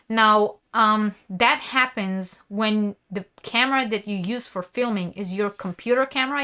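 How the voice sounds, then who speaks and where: A woman's voice: mid-range voice, sharp tone, smooth. A woman hosting a crafting live stream, chatting casually and reading viewer comments aloud. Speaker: crochet channel host.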